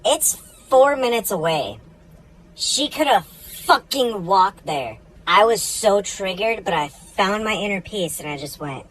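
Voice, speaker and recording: A woman's voice: mid-range voice, sing-song, measured pace, fairly bright tone, slight background noise, poor audio. A woman telling a comic story in a dry, matter-of-fact way.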